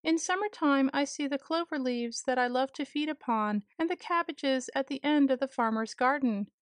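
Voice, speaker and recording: A woman voicing a shy, gentle male rabbit who talks in a soft, earnest way in a storybook reading. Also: high-pitched, moderate pace, no room sound, close to an everyday voice.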